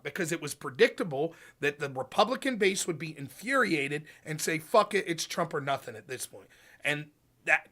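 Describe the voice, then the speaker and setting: A man with a high, bright voice that swings all over the place as he rants with lots of swearing. He is hosting a loose political chat show, and he talks in a quick, heated run. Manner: animated, profane, ranting. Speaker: podcast host.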